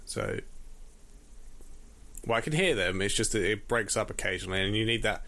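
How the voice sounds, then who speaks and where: A man's voice: on the low side, animated, moderate pace, bright, forceful tone. Man, solo podcast host, rambling casual chat, self-deprecating, jokey. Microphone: audio interface.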